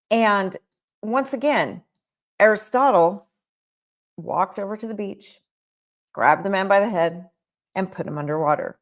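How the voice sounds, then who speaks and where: A woman's voice: mid-range voice, expressive, unhurried, long pauses. A woman gives a motivational talk to business owners, speaking emphatically and returning to the same rhetorical questions again and again. Her voice sits in the middle of the range for a woman. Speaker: child care business coach.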